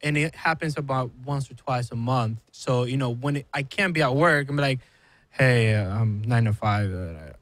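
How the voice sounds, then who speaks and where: A man's voice: medium pitch, moderate pace, fairly bright tone, no room sound. A man co-hosting a podcast in casual chat, mostly agreeing and chiming in with short replies. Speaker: podcast co-host.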